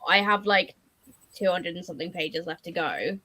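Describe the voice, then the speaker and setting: A woman's voice: fairly low pitch, normal speed, sharp tone, rough recording. A woman chatting casually on a livestream, with trailing, hesitant phrasing and bursts of exasperation. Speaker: livestream guest. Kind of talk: casual chat.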